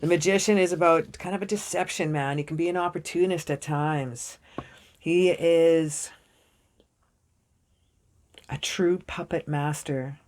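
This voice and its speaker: A young adult woman doing a casual tarot reading, jokey and excitable, swearing freely as she spins a story. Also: low voice, measured pace, long pauses. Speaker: tarot reader.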